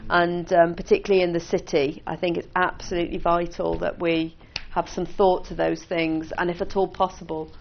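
A woman's voice: fairly low pitch, level tone, normal speed, vocal fry, few pauses, muffled recording, slight background noise. A woman giving an informal teaching talk to a small group as a church leader, conversational and full of restarts. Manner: conversational, with restarts and light laughs.

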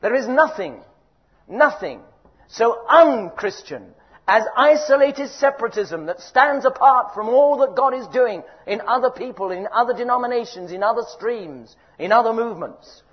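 An older man preaching a sermon, emphatic and exhorting, his voice rising loud and dropping quiet. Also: very high voice, animated, normal speed. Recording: dull lo-fi recording.

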